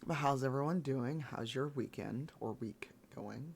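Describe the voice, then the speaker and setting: A man streaming live, chatting casually with viewers in a rambling, laid-back way, his voice gravelly this morning. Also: medium pitch, unhurried, slight background noise. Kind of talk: casual chat.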